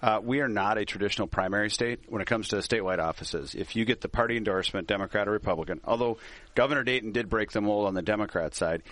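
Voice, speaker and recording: A man's voice: lowish voice, fast talker, fairly bright tone, no room sound. A middle-aged man from Minnesota, a politician guest, telling stories in a casual talk show and laughing often.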